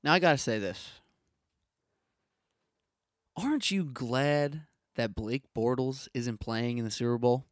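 A young man hosts a solo sports podcast in a punchy, opinionated rant, firing off rhetorical questions. His voice sits at an ordinary middle pitch. The recording is dry and close, with no room sound. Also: measured pace, pauses often, no echo.

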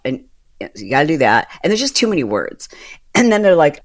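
A woman hosting a casual solo podcast, venting in an exasperated, fast-running storytelling manner. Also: very deep voice, big pitch swings. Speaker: podcast host.

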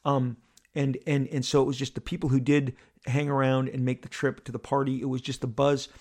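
A man hosting a podcast, telling a story in an animated monologue and acting out the people in it. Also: mid-range voice, a little fast. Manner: excitable, acts out the crowd and others in bursts.

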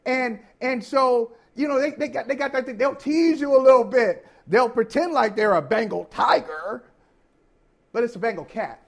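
A man's voice: very high-pitched, moderate pace, vocal fry. A man co-hosting a sports talk show, teasing his partner and cutting in often. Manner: teasing, interjecting. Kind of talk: sports debate.

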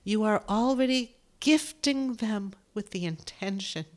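A woman medium and author giving a gentle, soothing spiritual talk, emotional at times. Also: mid-range voice, unhurried. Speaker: medium and author, podcast host.

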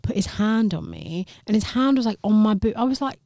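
Woman, mid-pitched voice, dry close mic, casual slangy podcast talk. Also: expressive, fairly quick, mellow, dry recording. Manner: chatty storytelling with slang and swearing. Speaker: podcast co-host.

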